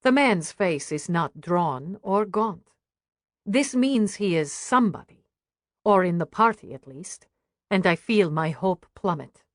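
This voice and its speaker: Female audiobook narrator, grave and hushed, unhurried, dry close-miked studio sound. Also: on the low side, animated, no echo. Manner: hushed, grave first-person reading.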